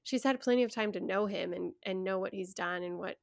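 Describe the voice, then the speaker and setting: A woman's voice: medium pitch, brisk, vocal fry, no echo, studio quality. A young adult woman co-hosting a podcast, talking frankly and earnestly with frequent laughs. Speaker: podcast co-host. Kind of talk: casual chat.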